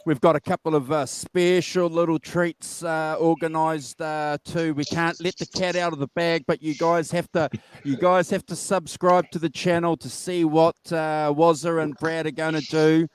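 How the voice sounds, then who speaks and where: A man with a New Zealand accent hosting a casual live-stream chat, excitable and easily flustered. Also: on the high side, moderate pace, smooth. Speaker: show host.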